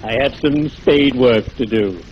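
A smooth, pompous undertaker, played by a man, drawing out his words in a suave way. A 1940s radio comedy performance. Muffled old broadcast audio with steady hiss. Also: mid-range voice, measured pace, close to an everyday voice.

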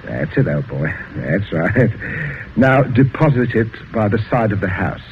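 Genial, murderous father; animated, smooth menace on a muffled vintage broadcast. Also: lowish voice, a little slow, slight background noise. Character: genial but murderous English father holding a gun. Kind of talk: 1940s radio acting. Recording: dull old radio broadcast.

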